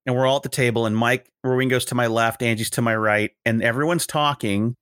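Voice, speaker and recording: A man's voice: medium pitch, brisk, clean tone, no room sound, studio quality. A middle-aged man hosting a podcast, chatting casually and acting out the voices of people in his anecdotes. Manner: animated, acts out quoted voices in anecdotes. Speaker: podcast host. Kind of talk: casual conversational storytelling.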